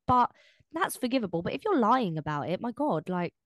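Animated, swearing woman podcast co-host. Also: fairly high pitch, brisk, no room sound. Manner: animated, swears, acts out quoted speech. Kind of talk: casual chat.

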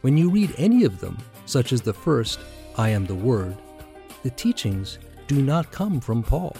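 A male podcast host reading a scripted introduction in a measured, deliberate way. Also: medium pitch, big pitch swings, creaky, warm tone, soft background music. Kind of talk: scripted narration.

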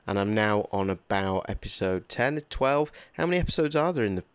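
A man's voice: fairly low pitch, lively intonation, a little fast, clear, resonant tone, no room sound. A man co-hosting a casual podcast chat, rambling and joking at his own expense. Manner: rambling, jokey, self-deprecating. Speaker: podcast co-host.

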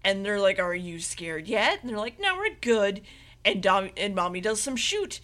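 A woman's voice: mid-range voice, animated, normal speed, a bit bright. Your voice is a woman's, mid-range and everyday. You are a podcast co-host talking an anime episode through in loose, rambling chat. You swear freely and laugh at the silly parts. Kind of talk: casual anime recap chat.

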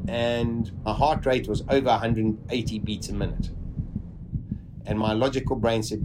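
A man vividly recounting a personal survival story, with dramatic pauses. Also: on the low side, steady tone, background noise.

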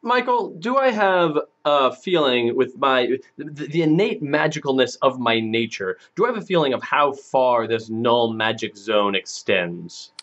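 A man's voice: medium pitch, animated, unhurried, few pauses, a bit bright, highs cut off. A man playing in a tabletop role-playing game, describing his character's actions hesitantly. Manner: hesitant, many fillers and restarts. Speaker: player.

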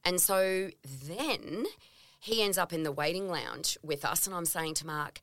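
A woman's voice: low voice, moderate pace, fairly bright tone, no echo. A middle-aged woman from New Zealand co-hosting a podcast, chatty and self-deprecating. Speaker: podcast co-host. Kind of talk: casual chat.

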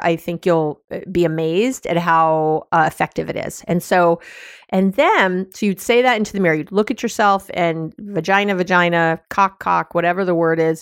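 A woman's voice: lowish voice, no room sound, clean studio sound. A woman hosting a solo advice podcast, talking frankly and casually, with many fillers and restarts. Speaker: podcast host giving sex advice.

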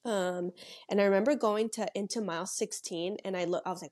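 Bubbly, animated woman from Los Angeles. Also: on the low side, brisk. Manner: bubbly, animated storyteller with frequent laughs. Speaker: podcast guest. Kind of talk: casual conversation.

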